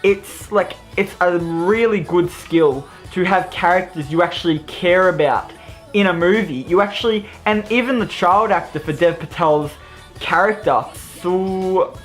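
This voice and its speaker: A man's voice: high voice, normal speed, a bit bright. A young Australian man giving an enthusiastic, rambling movie review in a casual vlog, with faint music behind him. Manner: enthusiastic, rambling, self-deprecating.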